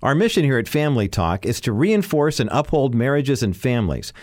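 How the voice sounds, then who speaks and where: A man reading a scripted radio announcement in a steady, earnest way. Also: medium pitch, fairly quick, no echo, studio quality.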